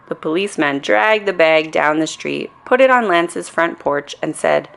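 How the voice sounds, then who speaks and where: A woman reading a children's storybook aloud in a calm, soothing bedtime manner. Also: low-pitched, moderate pace, vocal fry, hardly any pauses. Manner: calm, soothing reading with playful character voices.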